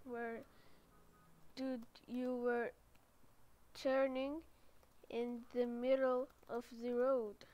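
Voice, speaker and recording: A woman's voice: a little high, flat delivery, very slow, long pauses, dry recording, muffled recording. A woman giving casual gameplay commentary as a gaming YouTuber, chatty and reading internet slang aloud. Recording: loud game car-engine noise behind.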